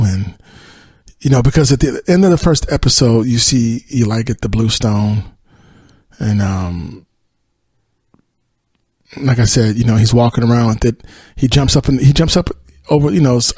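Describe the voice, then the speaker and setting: Gravelly man recapping a TV episode. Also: medium pitch, darkish tone, no echo. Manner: rambling retelling with many fillers and quoted lines. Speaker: podcast host.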